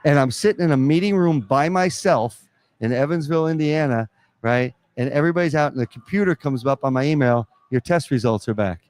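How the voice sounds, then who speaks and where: A man who coaches college basketball, telling lively stories in a live podcast interview at a pizza restaurant. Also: fairly high pitch, brisk. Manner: animated storyteller acting out quotes.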